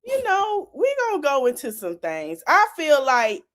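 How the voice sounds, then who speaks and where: Lively woman podcaster. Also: high voice, a little slow. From South Florida. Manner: animated, laughing, slangy and teasing. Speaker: podcast host. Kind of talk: casual commentary.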